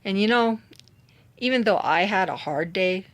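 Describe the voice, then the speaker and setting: Animated, wry woman telling a story. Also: mid-range voice, moderate pace. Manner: animated, dramatic retelling with voiced quotes; wry and exasperated. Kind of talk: casual story-time monologue.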